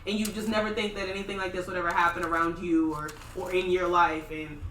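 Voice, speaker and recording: A young woman from Minnesota co-hosting a podcast, her voice bright and forceful. She talks bluntly and passionately and swears freely. She is recorded in a roomy, echoing space, some way from the mic. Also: lowish voice, level tone, fast, slight background noise. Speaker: podcast co-host. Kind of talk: casual podcast talk. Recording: echoey room, mic at a distance.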